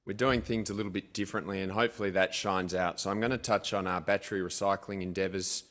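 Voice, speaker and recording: A man's voice: low-pitched, steady tone, quick pace, a bit bright. A man giving an investor presentation in a conversational way, with frequent "you know". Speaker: company presenter.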